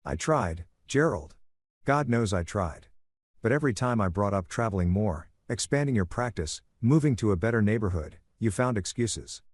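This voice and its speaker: A man's voice: on the low side, normal speed, dry recording. A man reading as a cold, calculating wife. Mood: cutting. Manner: calm, matter-of-fact, cutting. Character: cold, calculating middle-aged woman executive. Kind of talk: audiobook story reading.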